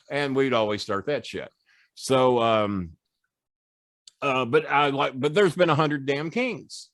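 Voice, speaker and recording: A man's voice: medium pitch, unhurried, dry recording, clean studio sound. A middle-aged man, a former wrestling manager, telling boastful, profane stories as a podcast guest. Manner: boastful, profane, animated storytelling. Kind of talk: casual storytelling.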